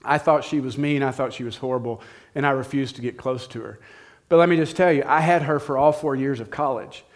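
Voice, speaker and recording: A man's voice: medium pitch, fairly quick. A middle-aged man preaching a sermon, telling a personal story in a conversational way and speaking directly to his listeners. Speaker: pastor.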